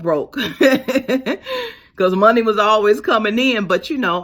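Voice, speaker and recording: Expressive woman vlogging. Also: lowish voice. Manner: expressive, swings from hushed to emphatic. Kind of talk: personal testimony vlog.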